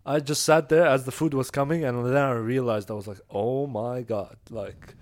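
A young man casually telling a long date story on a podcast, animated and full of "like" and "yo". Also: medium pitch, fairly quick. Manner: animated storyteller, heavy use of "like" and "yo". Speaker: podcast co-host.

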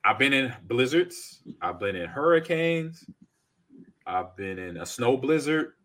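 Bright-voiced man telling lively stories. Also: medium pitch, a little slow. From California. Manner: animated storyteller, acts out scenes loudly. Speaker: podcast co-host. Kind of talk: casual podcast chat, reading chat comments.

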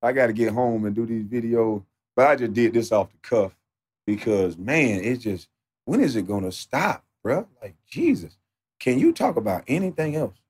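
A man streaming live, ranting off the cuff in a profane, mocking, animated way that sometimes turns to shouting. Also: medium pitch, moderate pace, breathy edge. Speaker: livestreamer. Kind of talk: off-the-cuff livestream rant.

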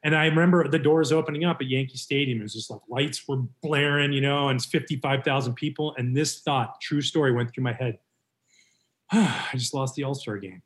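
A man in his forties from Canada, a former pitcher telling a story in casual conversation with an animated, lively delivery. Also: fast, few pauses. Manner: animated, lively retelling with voiced quotes.

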